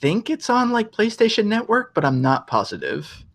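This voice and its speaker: Chatty young man, higher voice. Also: very animated, moderate pace, creaky, fairly bright tone. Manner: enthusiastic, profane, rambling. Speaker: podcast co-host. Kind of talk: casual chat.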